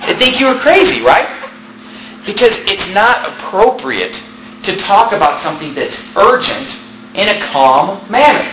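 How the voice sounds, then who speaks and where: A man preaching a sermon as the pastor, raising his voice and shouting as he preaches. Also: sits high, roomy sound, a little hiss or hum, rough recording.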